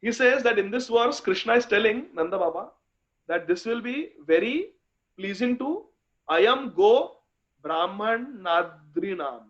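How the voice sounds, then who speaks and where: High-voiced man giving a fervent scripture lecture. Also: expressive, a bit bright. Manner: chants verses slowly, fervent pleading tone. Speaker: speaker in a scripture class series. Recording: dull lo-fi recording.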